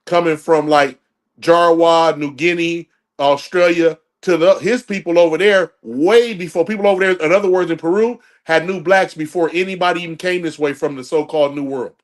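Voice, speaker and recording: A man's voice: on the high side, fairly even intonation, moderate pace. A man from the United States arguing a point in a talk-show debate, explaining at length, insisting and talking over the others.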